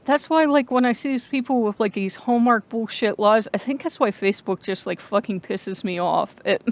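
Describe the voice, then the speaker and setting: A woman's voice: medium pitch, dry recording. Woman, 40s, host of her own channel, casual and profane, rambling with laughs; dry, dull lo-fi sound. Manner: swears freely, rambling and laughing often. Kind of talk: casual spoken vlog.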